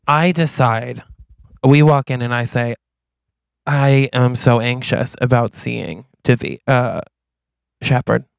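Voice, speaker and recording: A man co-hosting a comedy podcast, pitching a silly movie plot with playful storytelling and quick acted lines. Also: vocal fry, smooth, no room sound. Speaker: podcast co-host.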